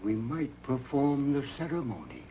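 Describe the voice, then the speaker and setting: A man's voice: mid-range voice, very animated, moderate pace, warm tone, slight background noise, lightly acted, poor audio. An actor playing a nervous male henchman in a 1940s film, speaking urgently.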